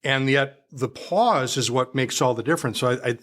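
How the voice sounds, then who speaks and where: A male podcast host with a middle-pitched voice who talks his way around a thought with plenty of restarts. His chat is easygoing and self-deprecating. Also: normal speed, fairly bright tone. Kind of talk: conversational interview.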